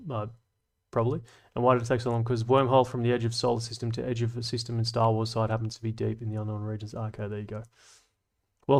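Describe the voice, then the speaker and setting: A man hosting a livestream, chatting casually and reading out comments, rambling, swearing and laughing often. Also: mid-range voice. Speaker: livestream host.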